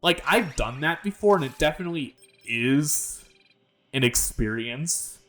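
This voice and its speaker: A man's voice: fairly high pitch, lively intonation, measured pace, a bit bright. Rambling young man chatting over gameplay. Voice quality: rambling, swears, many fillers. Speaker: gaming channel host. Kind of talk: casual gameplay commentary.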